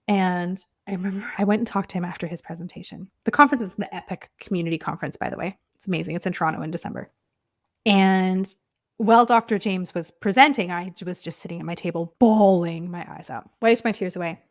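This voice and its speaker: A woman's voice: fairly low pitch, fast talker, dry recording, studio quality. A woman hosting a personal podcast, telling her story in a heartfelt, casual way and often dropping to a near whisper. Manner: casual, frequent "like" fillers. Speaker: podcast host and clinic owner.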